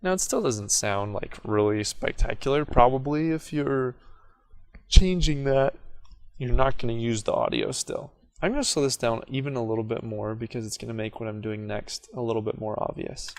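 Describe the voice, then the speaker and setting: A man's voice: mid-range voice, moderate pace, vocal fry. A man casually talking through a video editing tutorial as he clicks along, correcting himself now and then. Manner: relaxed, self-correcting, talks through clicks as he works. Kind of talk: casual screen-recorded software tutorial.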